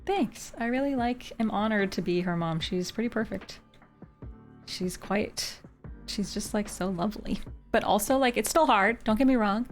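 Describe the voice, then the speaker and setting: A woman's voice: mid-range voice, moderate pace, soft background music. A woman streamer from Canada chatting casually with her live viewers. She talks in a chatty, giggly way and says "like" often. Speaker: game streamer.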